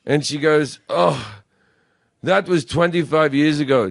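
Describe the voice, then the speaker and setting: Aussie comedy host guy, gravelly, swears a lot, dry close sound. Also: fairly high pitch, animated, measured pace, fairly bright tone, no room sound. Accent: Australian. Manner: crude joking storyteller, swears freely. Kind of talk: casual podcast chat.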